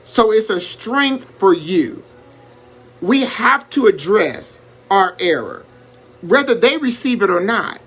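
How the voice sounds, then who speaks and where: A man hosting a live stream, talking in an animated, preacherly way and greeting viewers by name as he gives advice. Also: sits high, slow, breathy edge. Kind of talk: casual motivational live-stream talk.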